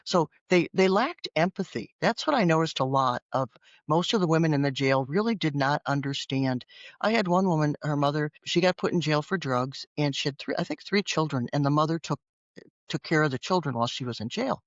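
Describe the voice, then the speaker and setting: A woman who is an author and former teacher appears as a guest in a conversational interview. She tells stories animatedly, often acting out what people said. Her voice is deep and brisk, and the audio is dull with no echo.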